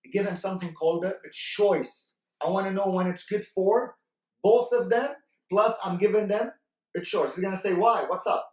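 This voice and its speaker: A man with a fairly high voice leads a sales training session, driving his points home by repeating them and checking in with his listeners. He sounds distant from the mic, and the room carries a noticeable echo. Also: steady tone, moderate pace, a little mellow, slight background noise. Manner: coaching, repeats key points, keeps checking with "right?". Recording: roomy echo, mic far off.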